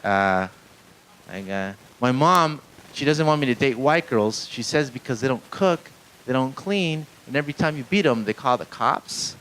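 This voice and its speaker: A stand-up comedian from a Mexican-American family performs live on a small comedy club stage, rambling, self-deprecating, swearing often and chatting with the crowd. His mid-range voice is expressive and a bit bright at normal speed, on a rough recording with a little hiss or hum.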